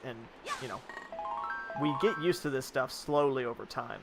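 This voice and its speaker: A man's voice: mid-range voice, fairly even intonation, fairly quick, over loud music. A man giving casual gameplay commentary as a streamer, rambling and blunt, swearing freely.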